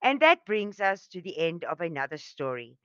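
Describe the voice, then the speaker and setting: A woman telling a children's story in a slow, expressive, sing-song way. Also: fairly low pitch, clear, resonant tone, no room sound, muffled recording.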